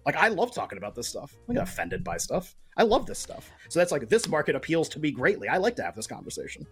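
A man co-hosting a sports betting podcast, arguing his point in a quick, animated way and often cutting himself off mid-sentence. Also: on the high side, slightly rough, faint music behind. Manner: argumentative, animated, self-interrupting. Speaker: podcast co-host. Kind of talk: casual sports betting chat.

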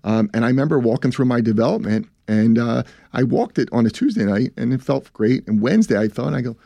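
A man's voice: mid-range voice, expressive, fast, gravelly, few pauses, dark tone, dry recording. A man, a business founder telling his story in a casual interview, rambling and repeating himself as he acts out what others said.

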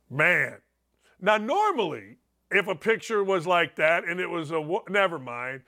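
A man hosting a sports talk show, fired up and enthusiastic, talking loudly and making sarcastic asides. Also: sits high, animated, normal speed. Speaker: show host.

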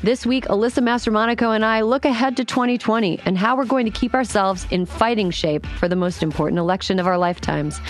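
A woman hosting a podcast, chatting casually with a wry, joking delivery. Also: medium pitch. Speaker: podcast host.

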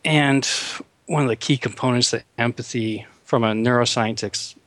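A man's voice: mid-range voice, moderate pace, a bit bright, dry recording. Male scientist guest, mid-range voice, dry close sound, loose explanatory style. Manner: explanatory, many fillers like "you know". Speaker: neuroscientist guest. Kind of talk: casual interview talk.

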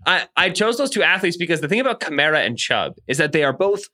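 A man's voice: fairly high pitch, big pitch swings, fast, bright, forceful tone. A man chatting casually on a podcast as a football analyst, breaking down a player with lots of enthusiasm.

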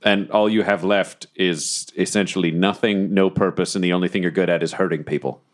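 Low-voiced deadpan man playing a tabletop game. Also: fairly quick. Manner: low-key deadpan delivery with laughs. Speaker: player.

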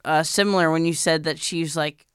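A man's voice: fairly high pitch, fairly even intonation, moderate pace, a bit bright, clear, resonant tone, dry recording. A man guesting on a podcast as a comedian, chatting in a laid-back, joking way with plenty of swearing. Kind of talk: casual chat.

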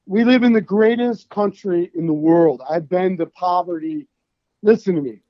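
A man's voice: high voice, moderate pace, dry recording, lo-fi sound. A man being interviewed as a band founder, talking in a rambling, emphatic way with plenty of swearing. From United States. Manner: rambling, emphatic and profane, with restarts. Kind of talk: casual podcast interview.

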